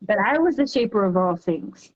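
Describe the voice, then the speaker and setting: An earnest woman speaks in a mid-pitched voice, moving between casual conversation and slow, deliberate readings of her own poems. The audio is dull and lo-fi. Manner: earnest, reads poetry slowly and deliberately. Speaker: podcast guest, poet.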